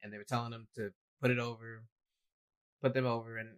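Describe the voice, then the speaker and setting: Male co-host, opinionated and rambling, average pitch, shrugs things off in casual chat. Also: flat delivery, fairly quick, clear, resonant tone, poor audio. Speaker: podcast co-host. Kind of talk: casual wrestling discussion.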